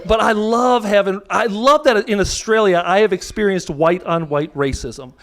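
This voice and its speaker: Over a very noisy crowd, a high-pitched American comic works through a stand-up set at moderate speed. His delivery is brash, profane, and self-interrupting, and the venue's laughter keeps cutting across the microphone.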